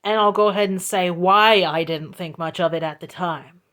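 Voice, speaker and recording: A woman telling a storytime vlog into her phone, slow, deliberate and emphatic, repeating her points for weight. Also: lowish voice, a bit bright. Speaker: vlogger.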